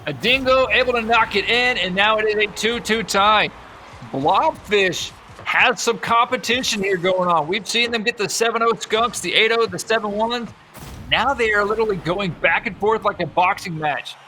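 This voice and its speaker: A young man giving energetic, jokey play-by-play commentary on a video game tournament. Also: high-pitched, a little hiss or hum. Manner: energetic, jokey, quick exclamations. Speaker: esports commentator.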